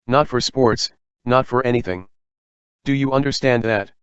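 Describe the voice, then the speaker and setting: A man's voice: mid-range voice, moderate pace, a bit bright, smooth, no echo, lo-fi sound, natural voice. A man reading as a stern bossy prefect girl. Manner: stern, commanding instructions. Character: strict female senior prefect, bossy.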